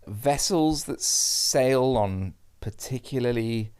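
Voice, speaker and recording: A man's voice: mid-range voice, lively intonation, slow, darkish tone, smooth. A man co-hosting a podcast, chatting casually and playfully as he works through a crossword, laughing often. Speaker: podcast co-host. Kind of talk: casual chat solving a crossword.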